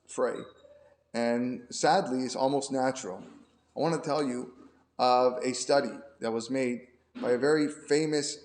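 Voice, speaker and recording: A man's voice: medium pitch, darkish tone. A man who is a rabbi, giving a conversational lecture class and often repeating his words as he explains. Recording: roomy echo.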